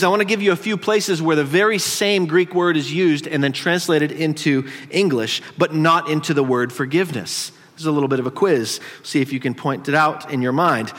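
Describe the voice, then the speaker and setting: Male pastor, conversational sermon with playful asides; high-pitched, recorded in a reverberant church hall. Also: a bit bright. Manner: conversational preaching, teasing the congregation. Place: church sanctuary.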